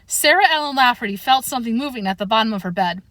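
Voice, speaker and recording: A woman reading a children's chapter book aloud as narrator, in a steady read-aloud manner. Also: on the high side, fast talker, dry recording. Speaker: audiobook reader. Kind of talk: storybook narration.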